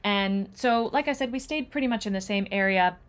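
A woman's voice: mid-range voice, fairly quick, clear, resonant tone. A woman co-hosting a podcast, chatting with enthusiasm about a family trip, with lots of fillers. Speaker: podcast co-host. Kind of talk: casual travel chat.

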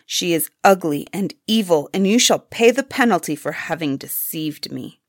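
A woman's voice: on the low side, lively intonation, normal speed, no echo, clean studio sound. A woman doing a stern angry prince.

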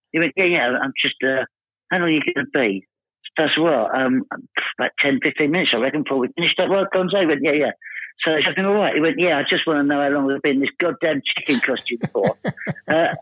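Fast-talking husky Essex man. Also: fairly high pitch, no echo. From Essex, England. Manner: rapid storytelling, animated quoting of others. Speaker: podcast guest. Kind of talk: comic anecdote telling. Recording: tinny phone-like dry line.

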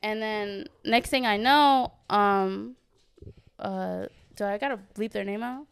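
A woman's voice: mid-range voice, slow pace, vocal fry, clear, resonant tone. A young woman in her twenties on a podcast, telling a profane story in casual chat and acting out the quotes. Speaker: podcast co-host.

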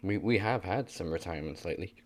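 A man's voice: deep voice, fast talker. A man co-hosting a casual wrestling podcast, joking and teasing. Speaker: podcast co-host.

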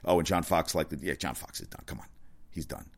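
A man giving a casual, rambling sports rant, excitable and profane, often correcting himself. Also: extremely low pitch, a little fast, gravelly. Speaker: sports commentator.

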